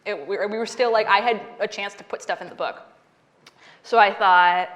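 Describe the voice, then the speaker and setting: A woman in her thirties, an author speaking at a library, gives a talk and fields audience questions at a fairly quick pace in a medium-pitched voice. She's a lively storyteller who laughs a lot and acts out the dialogue.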